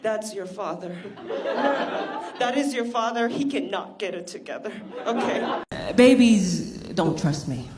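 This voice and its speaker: A young woman doing live stand-up comedy, animated and self-mocking, acting out the people she talks about. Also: mid-range voice, a little slow. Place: comedy club stage. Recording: live club, loud crowd laughter and noise. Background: loud audience laughter.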